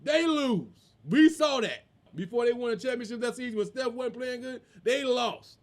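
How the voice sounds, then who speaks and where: A man's voice: very high-pitched, normal speed. A man in his forties, a comedian hosting his own show in a casual, slangy monologue. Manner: animated, slangy, tosses in "man".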